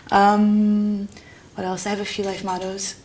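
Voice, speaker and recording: Young new girl, art student, jokey and sweary, laughs a lot, bit of low rumble in the background. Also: monotone, slow, dark tone. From New York. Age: young adult. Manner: irreverent, self-mocking, laughs often, swears casually. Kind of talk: candid documentary interview.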